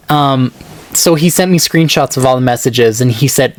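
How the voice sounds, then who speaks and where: A man's voice: lively intonation, normal speed, darkish tone, dry recording. A man co-hosting a podcast, telling a personal story in a casual, rambling way, full of fillers and acted-out quotes. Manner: rambling, filler-heavy, acts out quoted texts in a higher voice. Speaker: podcast co-host.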